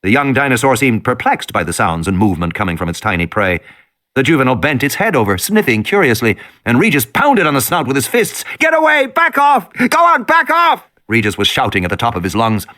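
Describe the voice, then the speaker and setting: A man reading an audiobook in an expressive, dramatic narration. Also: mid-range voice, fast talker.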